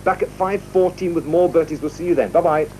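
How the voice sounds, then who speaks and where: A man reading birthday greetings on children's television, cheerful and gently coaxing. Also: fairly high pitch, fairly quick. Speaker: TV presenter. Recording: archive TV audio with faint noise.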